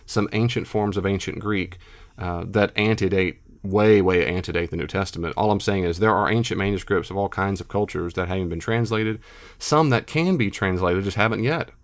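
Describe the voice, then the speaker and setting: Middle-aged male scholar, lower pitch, emphatic unscripted monologue with repetitions. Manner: emphatic, repeats himself, animated asides. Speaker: biblical scholar and lecturer.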